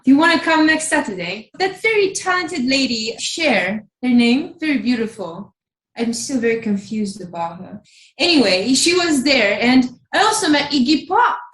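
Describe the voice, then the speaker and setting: A woman's voice: sits high, big pitch swings, normal speed, fairly bright tone, reverberant, rough recording. A woman playing a tired, self-important male fashion designer diva with an affected drawl. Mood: languid. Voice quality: affected fake upper-class accent, drawling.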